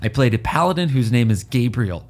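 A man's voice: mid-range voice, lively intonation, a little fast, darkish tone. Man reading listener letters aloud. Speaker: podcast judge reading cases. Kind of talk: comedic panel chat.

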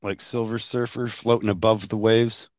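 A man's voice: fairly low pitch, level tone, moderate pace, darkish tone, dry recording, studio quality. A man hosting a podcast, jokey and chatty, firing off casual questions. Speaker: podcast host.

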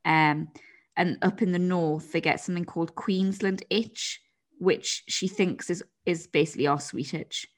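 A woman co-hosting a casual chat podcast, telling stories in a chatty, animated way. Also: on the low side, a little slow. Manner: chatty, animated storytelling with giggles. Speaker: podcast co-host.

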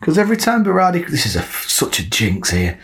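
A man's voice: a little high, wildly swooping pitch, a little fast, a bit bright, a little hiss or hum. A man co-hosting a casual football podcast, joking and laughing as he talks. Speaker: podcast co-host.

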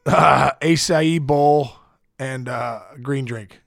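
A middle-aged man, a former ballplayer, telling stories as a podcast guest in an excited, animated way, full of fillers. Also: medium pitch, drawn-out words, gravelly, dry recording, clean studio sound. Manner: excited, acts out quotes, many fillers. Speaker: guest, former baseball player. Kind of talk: animated storytelling.

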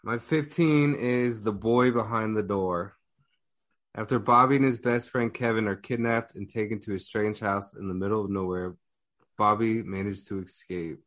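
A man's voice: lowish voice, steady tone, normal speed, fairly bright tone. A man guesting on a horror podcast, laid-back as he sums up a movie. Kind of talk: casual horror podcast chat.

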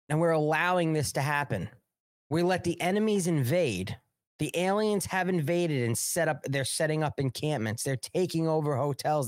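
A man's voice: medium pitch, dry recording, clean studio sound. Profane, ranting male talk show host. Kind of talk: live-streamed political commentary.

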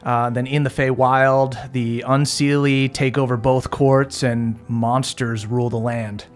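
A man's voice: mid-range voice, flat delivery, a little slow, soft background music. A young man narrating a tabletop fantasy game as game master, casually with many fillers.

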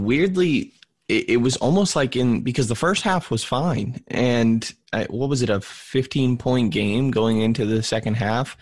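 A man co-hosting a basketball podcast, groggy with his morning voice and rambling through halting restarts. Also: lowish voice, gravelly, dry recording. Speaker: podcast co-host. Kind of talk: casual sports podcast chat.

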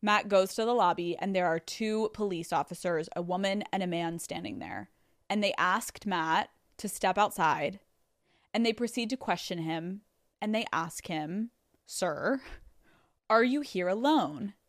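Swearing, animated woman podcast host. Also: on the low side, moderate pace, dry recording, studio quality. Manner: animated, swearing, acting out quotes. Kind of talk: solo storytelling to listeners. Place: studio.

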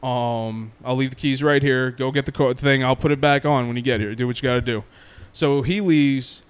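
Smooth-voiced man telling a story. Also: mid-range voice, moderate pace. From New Jersey. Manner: animated storyteller, acts out quotes, laughs often. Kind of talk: casual storytelling chat.

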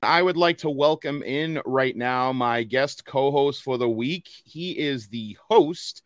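A man's voice: mid-range voice, slow, no echo. Rambling Boston man hosting, dry sound. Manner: rambling, filler-heavy, restarts sentences. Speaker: podcast host. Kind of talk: casual podcast chat.

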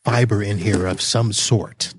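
A man's voice: fairly low pitch, fairly even intonation, unhurried, slight background noise. A man hosting a casual interview, joking and laughing often with his guest. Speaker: show host.

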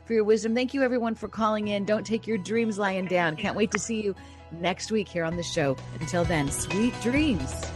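A woman hosting a call-in radio show, effusive and quick to react with gasps and exclamations. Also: mid-range voice, over music.

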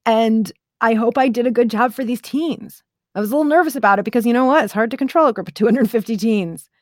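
A woman's voice: a little high, fast, no echo, clean studio sound. A woman speaker telling a personal story in an earnest, chatty way, full of "like" and "right?". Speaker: motivational speaker. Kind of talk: casual storytelling to camera.

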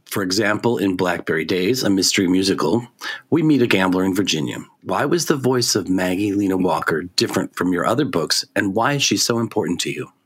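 A man co-hosting a book podcast, effusive and quick to praise, often restarting his sentences. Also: low voice, lively intonation, breathy edge. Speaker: podcast co-host.

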